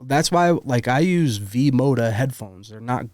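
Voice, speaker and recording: A man's voice: mid-range voice, expressive, a little slow, darkish tone, no echo, studio quality. A man chatting as a podcast guest in a joking way, with a slight New York accent. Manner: joking, laughs easily. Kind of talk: casual chat.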